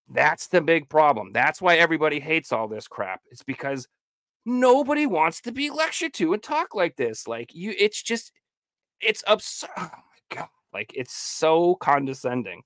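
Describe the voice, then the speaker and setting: A man's voice: on the high side, sing-song, normal speed, fairly bright tone, dry recording. A man ranting emphatically and with plenty of swearing in a casual podcast chat. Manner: emphatic, profane, heated ranting. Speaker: podcast co-host.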